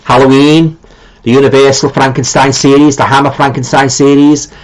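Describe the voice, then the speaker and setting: A man's voice: mid-range voice, level tone, moderate pace, low-quality recording. A middle-aged man with a Liverpool accent hosting a live stream, chatting casually and reading out viewer comments, rambling with lots of ums and restarts. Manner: easygoing and informal, with colloquial phrasing.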